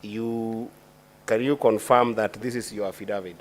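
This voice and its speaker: A man questions a witness at a formal senate hearing, his voice sitting on the low side. He speaks in a deliberate, legalistic way and restarts his phrases as he searches for the words. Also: fairly even intonation, slight background noise.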